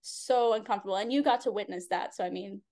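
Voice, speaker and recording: A woman business coach speaking as a podcast guest in a relaxed, candid way, with many casual fillers. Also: medium pitch, fast. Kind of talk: casual chat.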